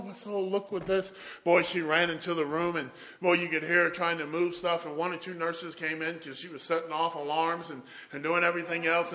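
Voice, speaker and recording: A man's voice: fairly high pitch, a bit bright. A man preaching a sermon, telling folksy stories and often saying "boy".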